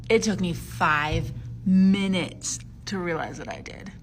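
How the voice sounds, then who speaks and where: A woman's voice: on the low side, lively intonation, a little hiss or hum. A woman, a teacher, telling a sheepish story about a classroom mistake in a social media video. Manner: slow, sighing, sheepish.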